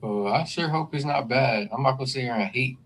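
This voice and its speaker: A man's voice: medium pitch, a little fast, fairly bright tone, a little hiss or hum, low-quality recording. A man co-hosting a podcast, talking loose and slangy in joking sports banter. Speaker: podcast co-host. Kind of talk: casual sports chat.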